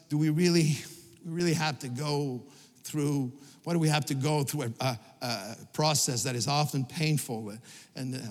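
Middle-aged male pastor, sermon delivery, slightly high voice, halting repeats, loud emphatic peaks, long hall reverb.

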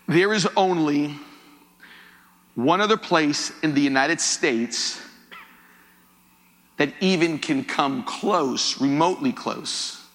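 A middle-aged male preacher with a fairly high voice delivers a lively, joking sermon. He acts out dialogue as he goes, and his voice rings through a large hall with a long reverb tail. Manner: animated, jokey, acts out dialogue. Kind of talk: sermon with humorous storytelling.

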